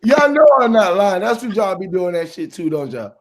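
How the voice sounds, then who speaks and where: A man's voice: sits high, very animated, moderate pace. A man hosting a casual chat, joking around and laughing often, slipping into playful mock voices. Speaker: host.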